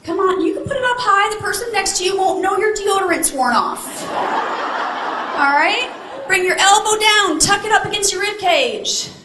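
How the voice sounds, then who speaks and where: A woman's voice: very high-pitched, expressive, normal speed, sharp tone, a little hiss or hum. A woman giving a motivational keynote, telling her story theatrically and tossing playful asides to the audience. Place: large hall with audience. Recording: echoey hall, faint ambience.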